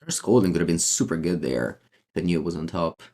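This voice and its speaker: A man's voice: low-pitched, expressive, a little fast, warm tone. A man with an Italian accent giving casual commentary as he plays a card game and answers chat, rambling with lots of fillers and restarts. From Italy. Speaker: streamer playing a card game.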